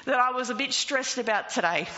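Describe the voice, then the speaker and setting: A woman's voice: sits high, fairly quick, pushed and bright. A woman preaching a sermon, emphatic and rising into passionate declarations. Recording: long reverb, dull lo-fi sound, faint noise.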